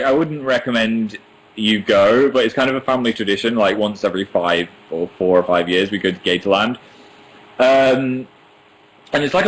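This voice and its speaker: A man's voice: fairly low pitch, fairly bright tone, slight background noise, rough recording. A young British man hosting a casual livestream from home on a laptop microphone, reading viewer comments aloud and chatting in a self-mocking way. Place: indoors at home. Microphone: laptop webcam microphone.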